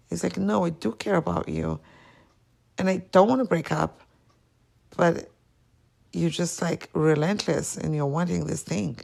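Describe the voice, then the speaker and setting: A woman's voice: on the low side, unhurried, vocal fry, pauses often, a little mellow. A woman hosting a podcast, talking candidly and emotionally about a past relationship in a confessional monologue. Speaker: podcast host.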